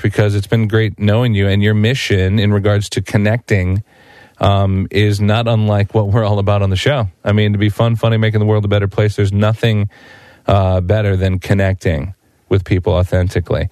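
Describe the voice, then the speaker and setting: A man co-hosting a radio talk show, keen and playful, often jumping in to agree. His voice sits somewhat low. The recording is dry and close, with no room sound. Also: darkish tone, dry recording. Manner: enthusiastic, playful, chimes in often.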